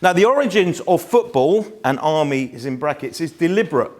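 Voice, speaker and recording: A man from England in his fifties, with a South East London accent, gives a live lecture to a room that is chatty, full of anecdotes, and self-deprecating. His voice is on the high side and expressive, and he talks a little fast.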